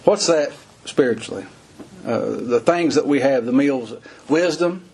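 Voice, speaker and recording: A man's voice: medium pitch, lively intonation, unhurried, gravelly, darkish tone, breathy edge. A middle-aged man preaching a sermon in a folksy, dramatic way that rises into urgent cries.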